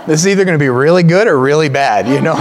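Animated, joking male pastor. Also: a little fast, slight background noise. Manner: animated and humorous, often laughing; jumps much higher in pitch when excited. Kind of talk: storytelling sermon.

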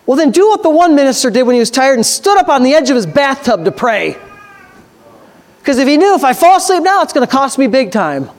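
A man delivers a sermon. He reads scripture slowly and carefully. He then builds into loud, excited exhortation, with his voice climbing. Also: very high-pitched. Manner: swings from slow scripture reading to loud excited preaching. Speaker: preacher.

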